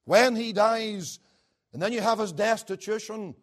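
A man with a notably high voice preaches a sermon. He climbs to loud, emphatic peaks, then sinks to low, hushed lines. He lingers slowly on key words. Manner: swings between rising emphatic peaks and low hushed drops; slow, deliberate delivery with pauses on key words.

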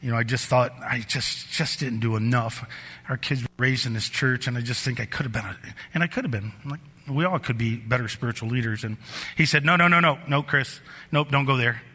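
Bright-voiced preacher in a reverberant hall. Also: male voice, a little fast, slightly rough. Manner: animated storyteller, bursts higher and louder in anecdotes. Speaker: pastor. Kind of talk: sermon with personal storytelling. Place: church sanctuary.

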